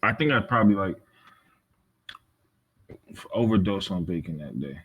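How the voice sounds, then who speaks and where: A man's voice: deep voice, animated, moderate pace, breathy edge, muffled recording. A man in casual chat, blunt and swearing freely.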